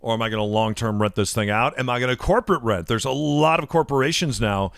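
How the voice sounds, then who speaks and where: A man's voice: mid-range voice, fast talker, vocal fry, no room sound, studio quality. A man co-hosting a casual radio talk show, telling a story in an earnest, heartfelt way. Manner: earnest, storytelling, a bit emotional. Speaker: co-host and realtor.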